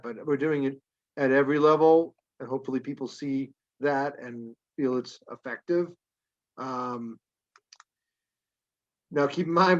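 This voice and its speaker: A man reporting to a school committee at a public meeting, halting with many fillers and restarts, his voice wearing out. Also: mid-range voice. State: losing his voice. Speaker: school superintendent. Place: town meeting room. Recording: dull lo-fi meeting recording.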